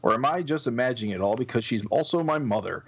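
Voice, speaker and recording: A man's voice: mid-range voice, animated, fast, breathy edge. A man reading a comic aloud and voicing a young male hero who resents his mother, the president, speaking indignantly. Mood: brooding. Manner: indignant, sarcastic.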